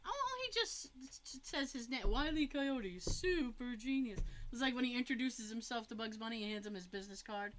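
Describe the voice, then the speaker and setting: A woman co-hosting a casual podcast, her bright, high-ish voice swinging widely in pitch. She tells stories in an animated way and breaks into laughter often, unhurried in her delivery. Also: a little hiss or hum. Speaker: podcast co-host. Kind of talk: casual chat.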